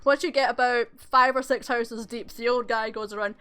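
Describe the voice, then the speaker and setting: A woman's voice: on the high side, steady tone, normal speed, hardly any pauses, a bit bright, clean tone. A woman narrating as game master in a casual, rambling way with many fillers.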